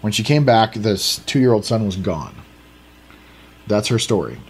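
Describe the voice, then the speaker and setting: A man's voice: fairly low pitch, big pitch swings, a little slow, breathy edge. A man co-hosting a casual podcast, rambling and joking at his own expense. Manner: rambling, self-deprecating, many restarts. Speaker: podcast co-host.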